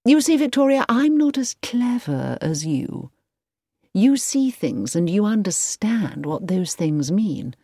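A woman's voice: medium pitch, sing-song, slow pace, warm tone, dry recording, voice pushed up, full character voice. An earnest young man, smitten and a little anxious, his voice rising and falling with feeling, as a woman reads him aloud. The recording is close and dry, with no room sound at all. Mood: unsure. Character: earnest young man in love, easily worried.

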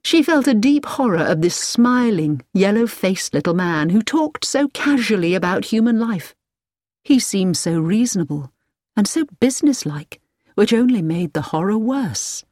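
A woman reading a novel aloud as an audiobook narrator, in a slow, deliberate storybook style. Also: medium pitch, lively intonation, darkish tone, dry recording, clean studio sound.

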